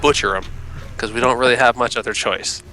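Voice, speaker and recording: A man with a bright, forceful voice talks through his moves in a tabletop game. He sounds plain and easygoing. Soft music plays behind him. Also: medium pitch, fairly even intonation, a little fast. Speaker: player. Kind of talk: tabletop game play over voice chat.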